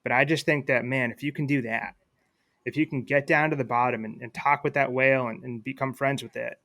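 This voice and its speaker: Podcast guest: man with a bright voice, casual and reflective, telling a story. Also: medium pitch, fairly even intonation, fairly quick, no echo. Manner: reflective, many fillers and restarts. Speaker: guest, attorney.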